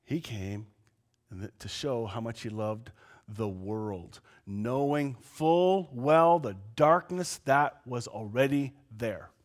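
A pastor preaching a sermon, swinging between loud, exasperated outbursts and quiet, low asides. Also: male voice, slow pace. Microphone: lapel mic.

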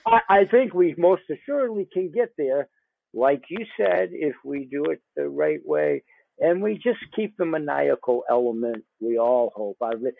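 Host, male, chatty and repetitive, slightly high voice, thin phone-line sound, very dry. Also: lively intonation, normal speed, creaky. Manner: talkative, repeats words, laughs often. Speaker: podcast host. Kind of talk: casual conversation.

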